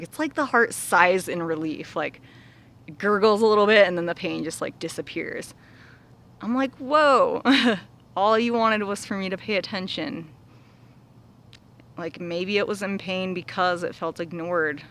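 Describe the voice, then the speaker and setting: Gravelly bright-voiced woman sharing openly. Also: fairly low pitch, a little hiss or hum. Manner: earnest, many "like" fillers, laughs between thoughts. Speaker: vlogger. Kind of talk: casual heartfelt talk to viewers.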